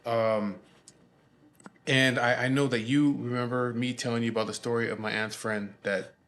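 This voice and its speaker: A man in his forties telling a story off the cuff as a show host. He rambles, swears often, and stumbles through restarts and fillers. His voice sits at an ordinary middle pitch for a man. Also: fairly even intonation, moderate pace, a bit bright. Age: 40s. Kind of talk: casual storytelling chat.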